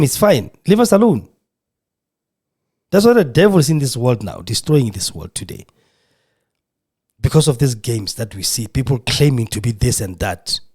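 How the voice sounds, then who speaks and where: Male podcast host in a radio studio, fervent and emotional, lively swinging pitch. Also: breathy edge. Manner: emotional, preaching fervor. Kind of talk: impassioned monologue.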